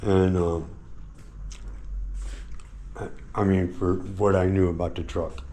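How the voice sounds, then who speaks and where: A sore, shaken American man vlogs from a hotel room in a low, unhurried voice. He rambles, stumbles over and repeats his words, and swears constantly. A faint hum of ambience sits behind him. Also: flat delivery, warm tone. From United States. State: sore and shaken after a beating. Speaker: motorcycle travel vlogger. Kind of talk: casual vlog monologue.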